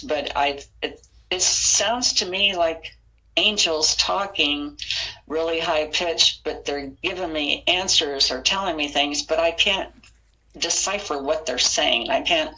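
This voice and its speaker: A woman's voice: sits low, pushed and bright, low-quality recording. A woman guest on a podcast interview, earnestly retelling her experiences and acting out the dialogue. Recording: audio interview.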